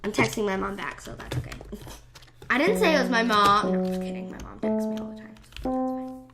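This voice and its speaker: A young woman with a slightly high, gravelly voice talks slowly and unhurriedly while she plays a game. She rambles and teases herself, often dropping to a whisper. Loud music plays behind her voice throughout. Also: lively intonation. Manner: rambling, self-deprecating, drifts into whispered asides. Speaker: gaming channel host. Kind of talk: casual game commentary.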